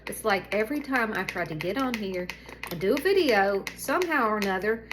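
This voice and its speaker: A woman's voice: medium pitch, animated, a little fast, background noise. A middle-aged woman from Alabama with a Southern accent, chatting casually to viewers at home, rambling and easily sidetracked. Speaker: vlogger.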